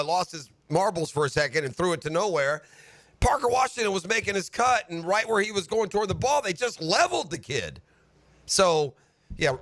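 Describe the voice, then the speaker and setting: A man hosting sports talk radio from a studio mic, breaking down a game in an animated rant that climbs into shouting. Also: a little high, no echo. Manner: animated ranting, building to shouts. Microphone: studio broadcast microphone.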